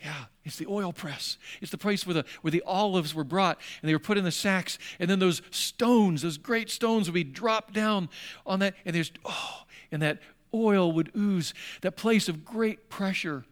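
A man preaching a sermon, shifting between hushed, intimate passages and emphatic declarations. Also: high voice, moderate pace. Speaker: pastor.

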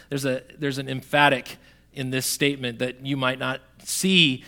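A man preaching a sermon, talking straight to the congregation, swinging from loud emphatic bursts to quiet, soft lines. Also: mid-range voice, level tone, moderate pace. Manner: conversational, addresses the congregation directly. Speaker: pastor.

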